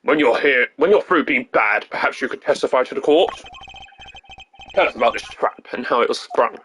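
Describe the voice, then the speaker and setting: A man's voice: medium pitch, moderate pace, a bit bright, slight background noise, lightly acted. A man voicing a smug male prosecutor who talks in a haughty, formal way, reading game dialogue aloud. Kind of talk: game dialogue read-along.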